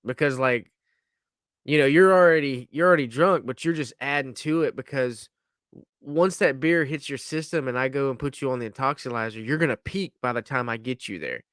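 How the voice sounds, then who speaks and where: A man's voice: mid-range voice, a little fast, a bit bright, clear, resonant tone, no echo, studio quality. A man co-hosting a podcast, explaining things in a laid-back, matter-of-fact way with casual swearing. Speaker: podcast co-host. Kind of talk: casual chat.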